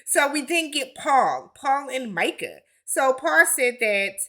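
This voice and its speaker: A woman's voice: sits high, big pitch swings, slow pace, a bit bright. A woman giving a casual recap of a reality TV episode, with sassy, blunt commentary and slangy asides.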